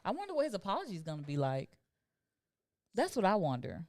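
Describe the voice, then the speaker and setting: A woman's voice: mid-range voice, wildly swooping pitch, quick pace, darkish tone. An American woman co-hosting a podcast, chatting casually with wry, agreeable remarks. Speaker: podcast co-host.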